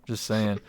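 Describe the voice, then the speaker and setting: A man hosting a casual streamed talk show, joking and self-deprecating with his guest. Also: no room sound. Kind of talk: casual chat on a live stream.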